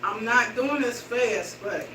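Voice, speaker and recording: A middle-aged woman vlogging in casual chat to her viewers while slowly walking and exercising indoors. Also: on the high side, sharp tone. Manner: chatty, slow walking while talking. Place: indoor room with hardwood floor. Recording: roomy, distant and noisy room sound.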